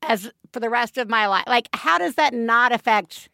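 A woman co-hosting a chatty parenting podcast, her voice high and gravelly with a vocal fry. She talks in an effusive, animated way and laughs often. The recording is dry and close. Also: normal speed, dry recording. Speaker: podcast co-host. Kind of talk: casual chat.

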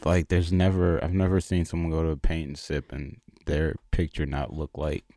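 A man's voice: a bass voice, flat delivery, moderate pace, dark tone, dry recording, studio quality. A man guesting on a comedy podcast, laid-back and joking. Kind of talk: casual comedy podcast chat.

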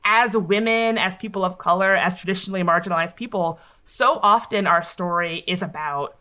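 A woman, a podcaster and guest, talking earnestly and warmly in a casual conversation. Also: lowish voice, moderate pace. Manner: earnest, heartfelt.

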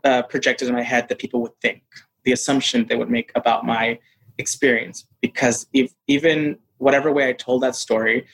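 A lively man tells personal stories as an interview guest. His voice sits at an ordinary middle pitch. He talks with energy and laughs often. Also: normal speed, rough recording. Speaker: actor guest. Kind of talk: casual storytelling interview.

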